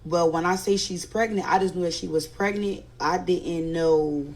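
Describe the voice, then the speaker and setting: Low-voiced woman with a Philadelphia accent. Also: normal speed, poor audio. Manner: animated, quoting others, growing indignant. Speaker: storyteller recounting family drama. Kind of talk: casual storytime.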